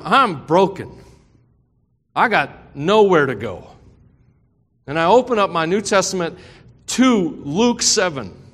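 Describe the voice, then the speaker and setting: Middle-aged male pastor, fairly high voice, storytelling sermon, long hall echo. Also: fairly bright tone. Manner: personal storytelling that builds to impassioned preaching.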